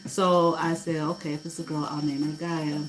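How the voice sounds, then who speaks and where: A middle-aged woman telling a personal story in a casual way, animated, swearing freely and acting out what people said. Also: low-pitched, moderate pace, a little hiss or hum, rough recording. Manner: animated, swearing, laughing, acts out quotes. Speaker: host.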